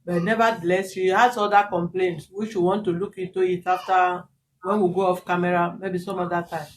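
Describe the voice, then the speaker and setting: A woman's voice: fairly low pitch, fairly quick. Nigerian lady mediator, chatty w pidgin bits, roomy far-off sound, bit of noise. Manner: chatty, mixes in pidgin words, lively when retelling. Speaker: host and mediator. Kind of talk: on-camera family mediation. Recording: roomy, distant mic, faint background noise.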